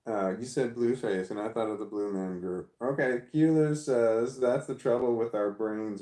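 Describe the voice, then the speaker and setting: A man's voice: medium pitch, normal speed, few pauses, warm tone, roomy sound. A man chatting casually on a live stream, reading comments aloud and answering them, who stammers and repeats words as he searches for what to say. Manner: rambling, thinks aloud. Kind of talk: casual chat.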